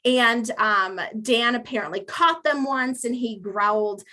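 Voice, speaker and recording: A woman with a fairly high voice gives a relaxed public history talk. She tells her stories in a chatty, amused way, full of ums and asides. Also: unhurried. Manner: chatty, amused, with many fillers. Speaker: museum lecture speaker.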